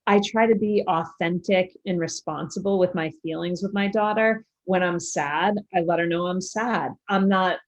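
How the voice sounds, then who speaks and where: A woman's voice: lowish voice, steady tone, moderate pace, few pauses. A woman guest who works as a coach, talking candidly and openly about her own parenting. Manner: candid and open, laughing easily. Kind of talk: casual interview chat.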